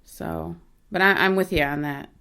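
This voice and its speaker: A woman from the United States talks openly as a podcast guest. Her voice is low-pitched with a gravelly fry. She is easygoing and wry. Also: steady tone, normal speed, bright, forceful tone. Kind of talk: casual podcast chat.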